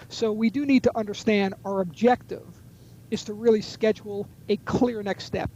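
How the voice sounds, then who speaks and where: A man's voice: high voice, steady tone, normal speed, dark tone, highs cut off. A man who trains salespeople, explaining call techniques in a webinar with a confident coaching manner. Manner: coaching, confident, acts out sample phone calls. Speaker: sales trainer and author, guest. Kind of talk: webinar explanation with role-played call examples.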